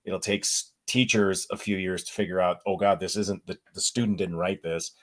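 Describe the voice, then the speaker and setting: Male podcast host, middle-aged, very low voice, casual and dry-humored. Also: normal speed. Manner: relaxed, wry, thinks aloud with repeated words. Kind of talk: casual conversational interview.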